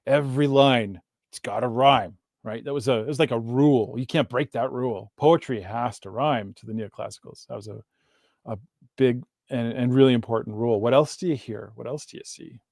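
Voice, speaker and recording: A man teaching a live online literature class in a casual, chatty way, often correcting himself and reading verse slowly to stress its rhythm. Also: medium pitch, gravelly, a little mellow, no room sound, studio quality.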